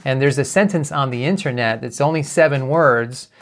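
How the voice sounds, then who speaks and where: A man teaching as a communication coach, explaining clearly and sometimes imitating sounds to demonstrate. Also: medium pitch, normal speed, faint music behind. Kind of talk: talking-head lesson.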